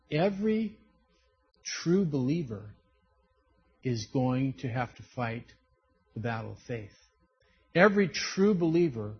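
A pastor with a husky, mid-range voice preaches a sermon, telling stories with animation and acting out the voices of the people in them. The recording is dull and lo-fi.

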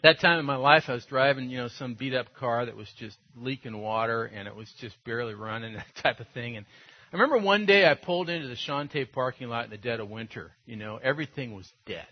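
A pastor preaches a sermon in a loose, conversational way, telling anecdotes, laughing often and using plenty of filler. His mid-range voice is expressive and quick, captured with a dull lo-fi sound.

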